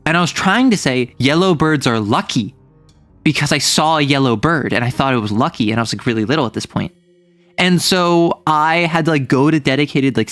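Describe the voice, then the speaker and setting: A man's voice: medium pitch, fairly bright tone, no echo. Chatty young streamer man over faint music. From US Northeast, near New York City. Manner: rambling, chatty, many fillers and self-corrections. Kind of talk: casual livestream chat reading chat.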